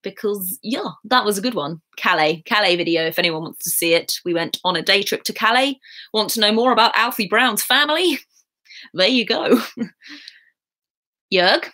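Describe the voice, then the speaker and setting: A woman's voice: medium pitch, lively intonation, normal speed, pushed and bright. A young woman from England with a southern received pronunciation accent, chatting casually on a livestream and answering viewer comments in a rambling way. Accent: southern English received pronunciation. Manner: chatty, rambling, lots of fillers. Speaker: YouTuber.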